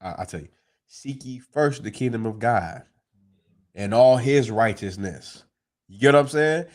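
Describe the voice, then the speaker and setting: A man's voice: mid-range voice, a little slow. A man teaching a scripture class in a streetwise manner, often asking if the listeners understand. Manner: animated, streetwise, swearing, asks "you understand?".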